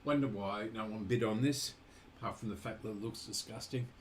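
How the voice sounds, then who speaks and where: A man's voice: fairly low pitch, fairly quick, a little hiss or hum. A man casually showing off his vintage radios, rambling with fillers and asides. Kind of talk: casual show-and-tell vlog.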